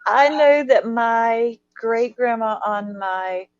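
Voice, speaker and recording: A woman from the United States hosting a casual live stream chat, curious and quick to laugh. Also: a little high, clear, resonant tone, no room sound, muffled recording. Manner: curious, laughs easily, thinks aloud. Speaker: host.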